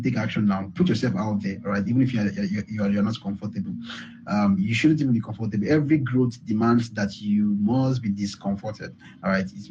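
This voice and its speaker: A man's voice: on the low side, mellow, lo-fi sound, a little hiss or hum. A man giving a repetitive, emphatic motivational talk on a call, often saying "all right". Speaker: speaker on a group call.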